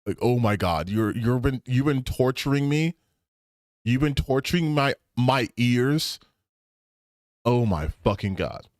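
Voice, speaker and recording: Animated, swearing male streamer. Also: mid-range voice, a little slow, no echo, clean studio sound. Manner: animated, exasperated, swears a lot. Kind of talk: reaction commentary.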